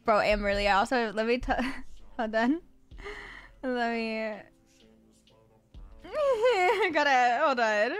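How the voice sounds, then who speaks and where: A woman's voice: fairly high pitch, expressive, slow, long pauses, smooth. A young woman from the Florida Panhandle chatting casually with her live-stream viewers, rambling with lots of fillers and stumbling over her words. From Florida Panhandle, USA. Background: faint music.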